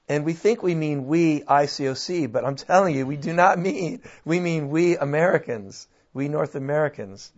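A man in an animated conversational discussion, often restarting his sentences and laughing. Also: fairly high pitch. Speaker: guest speaker on church and culture. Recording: dull lo-fi sound.

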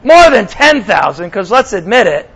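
High-voiced male pastor preaching. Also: very animated, moderate pace, creaky, fairly bright tone, slightly rough, poor audio. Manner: conversational, with sarcastic asides to the congregation. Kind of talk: sermon.

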